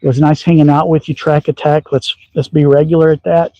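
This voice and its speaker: A folksy, rambling middle-aged man from Texas with a slight Southern lilt and a few upper Midwest touches. His voice sits a bit high for a man but sounds mellow and soft-edged. He chats loosely on a livestream outdoors, filling gaps with ums. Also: flat delivery, a little fast, dry recording, dull audio. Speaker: slingshot channel host. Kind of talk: casual livestream chat. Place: outdoors at a backyard shooting range.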